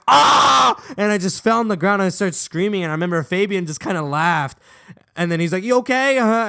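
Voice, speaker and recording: A young man hosting a gaming channel, telling a personal story over gameplay in an animated, slangy way. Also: on the high side, clear, resonant tone. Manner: animated, slangy, acts out quotes.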